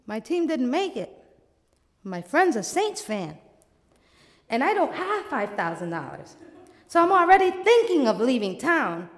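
A woman from the Bronx, telling an animated personal story and laughing often. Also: extremely high pitch, unhurried. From the Bronx, New York. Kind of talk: storytelling monologue. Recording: echoey hall with long reverb.

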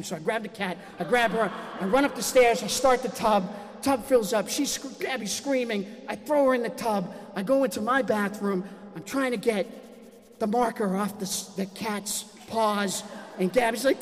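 A man doing stand-up storytelling, animated and acting out his own shouts. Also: high voice, normal speed, big-room sound. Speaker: comedian telling a story.

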